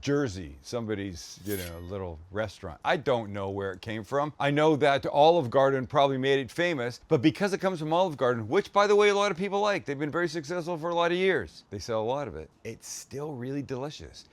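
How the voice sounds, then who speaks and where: A man's voice: mid-range voice, lively intonation, a little fast, few pauses, no room sound. Chatty man hosting a cooking show. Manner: jokey and chatty, full of offhand asides. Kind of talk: casual cooking demonstration.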